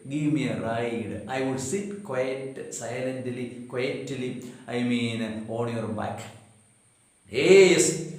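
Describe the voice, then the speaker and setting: A man teaching a poem, slowly repeating and paraphrasing words and spelling them out. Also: mid-range voice, animated, a little mellow, heavy reverb, poor audio. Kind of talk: explaining a poem line by line.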